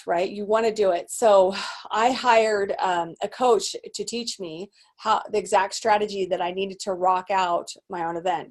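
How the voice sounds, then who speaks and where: A woman business coach telling her story in an animated motivational talk, full of restarts and fillers. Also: medium pitch. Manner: animated, acts out quoted voices; rambling with many restarts and fillers.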